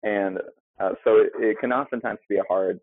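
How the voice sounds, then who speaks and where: Young male guest, low voice, dry phone-line sound, halting and filler-heavy. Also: fairly even intonation, no echo. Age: young adult. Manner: hesitant, with many fillers. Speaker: restaurant manager, guest. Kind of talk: casual interview answers.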